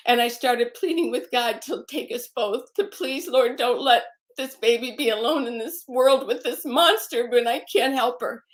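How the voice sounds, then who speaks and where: High-voiced woman giving emotional testimony. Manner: halting and emotional, repeats phrases; religious, recites scripture. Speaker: guest. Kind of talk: personal testimony.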